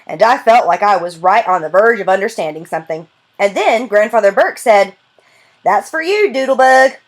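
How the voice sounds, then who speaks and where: A woman's voice: mid-range voice, lively intonation, brisk. A woman narrating a children's novel in the first person, in an earnest, plain way. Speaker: audiobook narrator. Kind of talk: storybook narration.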